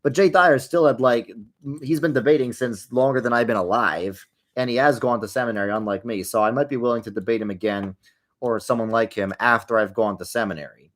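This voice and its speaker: Young male streamer, mid-pitch voice, loose and rambling, quick sarcastic asides between answers. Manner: rambling, chatty, drifting into wry sarcastic asides. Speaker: livestream host answering viewer questions. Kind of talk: casual livestream chat while playing a game.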